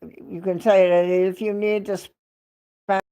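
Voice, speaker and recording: An older woman talks very slowly to her viewers from home. She rambles along, sprinkling in simple Spanish and French phrases. Her pitch sits in an ordinary middle range. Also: flat delivery, warm tone, clean tone. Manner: slow and rambling, mixing in bits of Spanish and French. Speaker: livestream host. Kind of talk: casual live chat with viewers.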